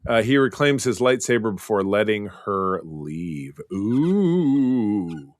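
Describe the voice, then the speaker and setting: A man's voice: fairly low pitch, animated, moderate pace, no room sound. A man co-hosting a podcast in casual chat, reading plot summaries with chatty asides. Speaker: podcast co-host. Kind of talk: casual chat recapping episodes.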